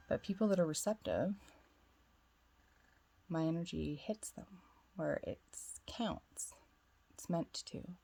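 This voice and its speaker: Gravelly, husky woman telling a rambling story. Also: on the low side, warm tone. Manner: rambling, heavy on "like" fillers, self-assured. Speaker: twin flame spiritual guide. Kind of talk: casual storytelling vlog.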